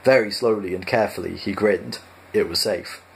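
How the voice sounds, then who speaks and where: A man reading a comic science-fiction novel aloud, narrating in a dry, even manner. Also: lowish voice, moderate pace, gravelly. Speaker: storyteller.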